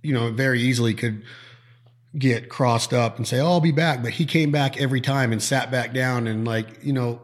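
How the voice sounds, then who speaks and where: A man's voice: medium pitch, moderate pace. A man hosting a podcast, talking casually and acting out quoted people as he tells stories. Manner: animated storyteller who acts out quoted voices. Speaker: podcast host. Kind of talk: casual chat.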